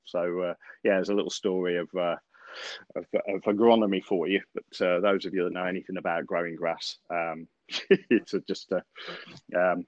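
A man with a very low voice hosts a golf podcast in a relaxed, rambling way, often pausing on fillers. The sound is dry and close, with a dull, lo-fi tone. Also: no echo. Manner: rambling, many fillers and restarts, laughs often. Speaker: podcast host, golf coach. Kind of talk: casual podcast chat, storytelling.

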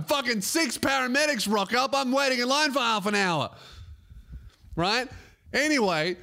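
A man's voice: very high-pitched, moderate pace, gravelly, sharp tone. A man with an Australian accent, a podcast host telling a comic story as a profane, mock-outraged rant.

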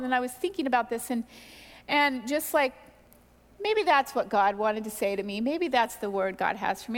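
Middle-aged woman, higher voice, candid testimony sermon, long hall reverb, animated and self-deprecating. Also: normal speed. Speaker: pastor's wife sharing testimony.

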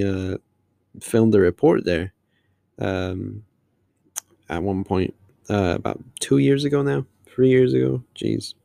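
A man's voice: on the low side, creaky, a little mellow, dry recording, clean studio sound. A man hosting his podcast alone, talking casually in a long-winded, rambling way. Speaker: podcast host. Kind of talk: casual solo monologue.

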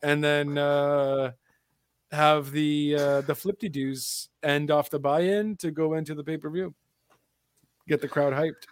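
A man's voice: a little high, little pitch movement, slow pace, dry recording, clean studio sound. A young man hosting a casual wrestling chat show, rambling with lots of fillers in an upbeat way. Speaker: podcast host.

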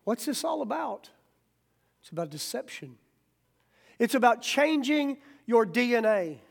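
A man preaching a sermon as pastor, plainspoken and folksy, swinging from quiet talk to sudden loud rises. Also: extremely high pitch, sing-song, a little slow, gravelly.

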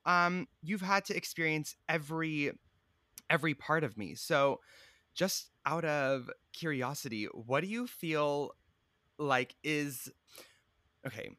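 Young man, giggly self-mocking co-host, bright lively delivery, dry close sound. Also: a little high, a little slow, no echo. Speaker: podcast co-host, younger brother. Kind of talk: casual chat.

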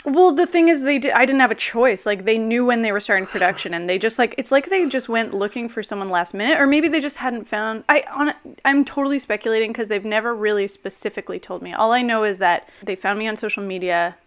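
A woman's voice: fairly high pitch, quick pace, few pauses. A young woman guest in a casual chat, talking in rambling, chatty runs full of "like" and restarts. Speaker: guest, former reality dating show contestant.

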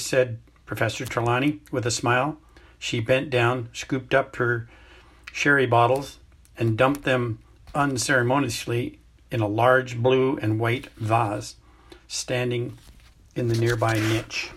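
A man narrating a novel aloud as an amateur audiobook reader, unhurried, with occasional stumbles and self-corrections. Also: mid-range voice, little pitch movement, fairly bright tone, breathy edge.

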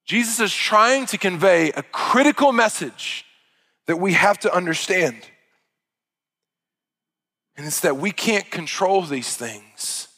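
A man preaches earnestly, stacking up emphatic repetitions to drive each point home. His voice sits a little high and sounds bright and forceful. It carries with the long reverb of a large hall. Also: animated, slow pace, pauses often. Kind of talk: sermon.

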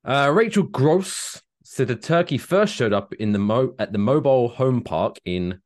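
A man's voice: mid-range voice, expressive, moderate pace, no room sound, studio quality. A man co-hosting a comedy podcast, swearing and joking in loose, profane banter. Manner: profane, joking, slips into silly put-on voices. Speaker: podcast co-host.

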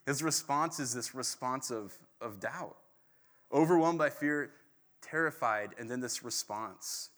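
A man preaching a sermon in a casual, animated storytelling way. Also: medium pitch, measured pace. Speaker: pastor. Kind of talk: conversational sermon.

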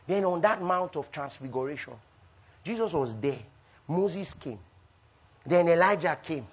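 A man preaching a sermon with call-and-response, swinging between loud bursts and soft asides. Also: a little high, lively intonation, a little slow, long pauses, slightly rough. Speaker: pastor. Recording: dull lo-fi recording.

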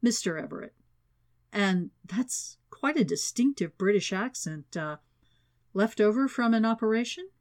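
A man's voice: sits high, expressive, measured pace, voice pushed up. A woman voicing a suspicious, prim male official. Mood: wary. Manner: guarded, clipped.

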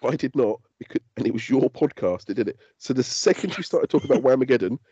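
Guy ranting on a podcast, swears a lot, husky warm voice, lo-fi sound. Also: medium pitch, fast talker, no room sound. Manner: sweary, animated storytelling. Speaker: podcast co-host. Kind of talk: casual chat.

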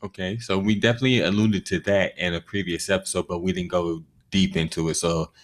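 Deep-voiced man hosting. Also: fairly quick. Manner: steady, leads the talk and asks questions. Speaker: podcast host. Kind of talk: casual chat.

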